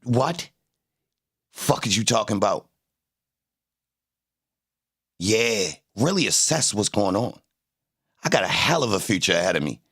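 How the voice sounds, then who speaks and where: A man hosting a livestream, talking in a casual, animated, boastful way full of profane trash talk. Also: lowish voice, normal speed, husky. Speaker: livestream host.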